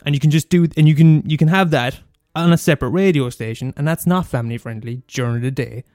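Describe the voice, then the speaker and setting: Young Irish male podcaster, sweary fast-talking ranter, slightly high voice, dry sound. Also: a little mellow, no room sound. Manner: profane, ranting, fast and mumbly. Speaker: podcast host. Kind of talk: casual solo rant.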